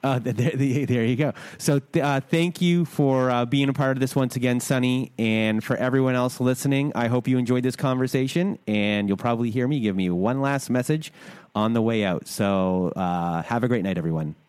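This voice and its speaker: A man's voice: mid-range voice, normal speed, darkish tone, smooth, dry recording. A man from Toronto with a Canadian accent, hosting a podcast and chatting casually with a guest. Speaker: podcast host. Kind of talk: casual interview chat.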